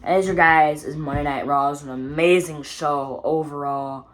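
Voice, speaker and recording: In a casual video, a woman with a low-pitched voice reviews a wrestling show at a moderate pace. Her recap is rambling and excitable, peppered with "you know" and "like."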